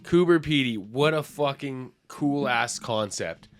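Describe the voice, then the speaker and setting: A man's voice: medium pitch, expressive, unhurried, soft background music. A man co-hosting a podcast, chatting casually and swearing a lot as he reacts to videos. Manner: profane, laughing, loose banter. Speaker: podcast co-host.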